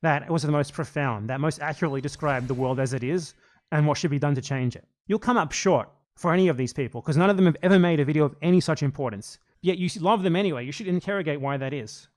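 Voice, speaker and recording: A man's voice: on the high side, quick pace, a little mellow. A man hosting reaction commentary, exasperated and argumentative, swearing often as he rebuts. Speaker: commentary channel host.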